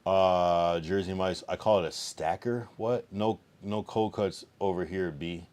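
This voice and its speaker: Deep-voiced profane male streamer. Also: steady tone, a little slow, a little mellow, slight background noise. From East Coast of the US. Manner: profane, loose, chatting to live chat. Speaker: livestreamer. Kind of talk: casual livestream chat.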